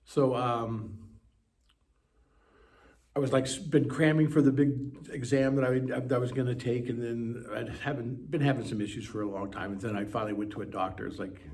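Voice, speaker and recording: A man as an interview guest, telling his story in an animated way with quick bursts. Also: medium pitch. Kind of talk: personal storytelling.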